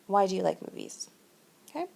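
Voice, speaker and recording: A woman's voice: mid-range voice, very animated, fairly quick, creaky, darkish tone. A woman teaching a French lesson in a patient, step-by-step way, often checking in with "okay?". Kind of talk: recorded classroom lesson narration. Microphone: screen-recording voice-over.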